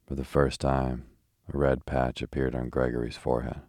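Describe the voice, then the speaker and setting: A man's voice: extremely low pitch, moderate pace, no room sound, clean studio sound. A man narrating a novel as a rhythmic sleep story reading. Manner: rhythmic, even.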